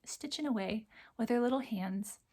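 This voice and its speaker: A woman hosting her cross stitch channel, talking softly and from the heart, close to tears and often dropping to a near whisper. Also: a little high, normal speed. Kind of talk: casual chat to camera.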